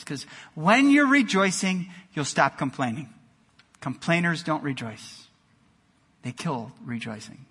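A male pastor delivering an energetic sermon in a church, moving between loud exclamations and quiet emphasis. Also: fairly high pitch, a little slow, breathy edge. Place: church sanctuary. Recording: long hall reverb.

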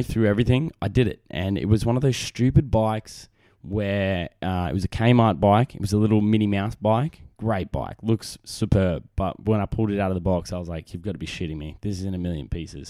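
A man's voice: fairly low pitch, a little mellow, no room sound, clean studio sound. A young man with an Australian accent, hosting a casual solo podcast in a rambling, self-deprecating way. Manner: rambling, self-deprecating, frequent restarts and fillers. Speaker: podcast host. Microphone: desk microphone on camera.

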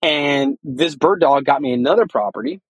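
A man's voice: fairly high pitch, moderate pace, slightly rough, no room sound, rough recording. A man being interviewed, talking through his experience in a loose, rambling way and acting out what people said. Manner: rambling, animated, acts out quoted dialogue. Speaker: guest, real estate investor. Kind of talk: casual storytelling interview.

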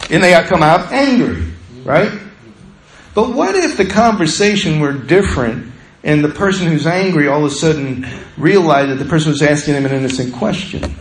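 A man's voice: a little high, big pitch swings, normal speed, echoey room, poor audio. A male pastor preaching a sermon in a conversational way, acting out the voices he quotes.

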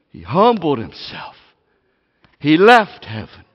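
A man preaching a sermon in a church, swinging between hushed and loud delivery and calling the congregation "gang". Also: a little high, expressive, unhurried. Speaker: pastor. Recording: dull sound with long hall reverb.

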